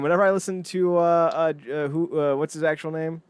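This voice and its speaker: A man's voice: fairly high pitch, fast, few pauses, clear, resonant tone, dry recording. A man co-hosting a wrestling podcast, casual chat, opinionated, rambling and jokey. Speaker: podcast co-host.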